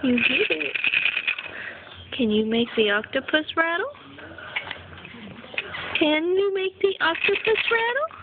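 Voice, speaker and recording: Young mom, high lively baby talk, tinny phone recording with noise. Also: female voice. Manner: sing-song, coaxing, repetitive. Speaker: mother filming her baby. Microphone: phone camera.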